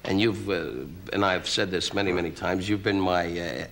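A man, a comedian guest on a talk show, telling an insult-comedy anecdote with rapid, needling jabs, heard on noisy old TV broadcast audio. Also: sits low, fairly even intonation.

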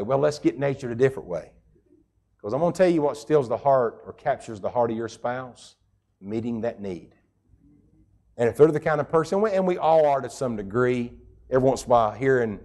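A man's voice: mid-range voice, expressive, brisk, darkish tone. Middle-aged male pastor, folksy, emphatic sermon delivery. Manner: folksy, emphatic preaching with rural idioms.

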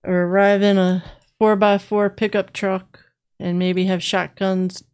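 Woman, unhurried playful chat, frequent laughter, craft stream host. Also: medium pitch, little pitch movement, a little mellow, smooth. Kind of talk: casual chat.

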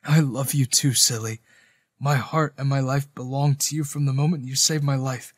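A man voicing a wounded young soldier who speaks hoarsely, softly and tenderly. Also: mid-range voice, steady tone, moderate pace, no room sound, studio quality, close to an everyday voice. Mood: reassuring. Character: wounded young male soldier, gentle and devoted.

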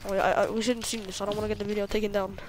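A man chatting casually as he plays a video game, often breaking into sudden loud exclamations. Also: high-pitched, racing. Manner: excitable, bursts of loud exclamations. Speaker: gaming streamer. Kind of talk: casual gameplay chat.

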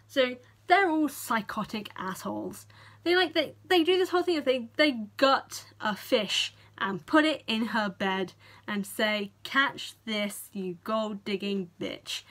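A young British woman giving a casual film review to camera, chatty and animated, swearing freely and acting out the characters' reactions. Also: on the high side, takes it slowly. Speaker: vlogger.

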